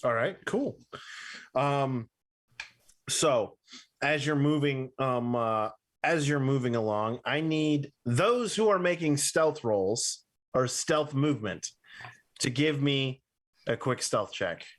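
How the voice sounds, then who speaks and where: A man running a tabletop game as game master, narrating scenes in a loose, halting way with fillers and restarts. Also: medium pitch, animated.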